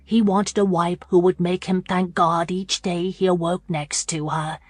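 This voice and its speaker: A woman narrates a historical romance novel with a measured, steady pace. Her voice sits a little low, recorded close and dry on the mic with no room sound. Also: no echo. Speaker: audiobook narrator. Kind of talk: scripted narration.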